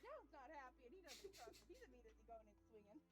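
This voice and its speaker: Female player, quick quiet asides, very animated high voice. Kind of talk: casual tabletop play.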